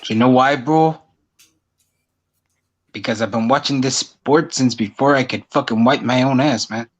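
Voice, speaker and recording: A man in his twenties calling into a live stream, loud and swaggering, saying "bro" at every turn. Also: medium pitch, normal speed. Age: 20s. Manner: slangy, says "bro" constantly, loud and swaggering. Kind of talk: casual boisterous chat. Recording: dull lo-fi call audio.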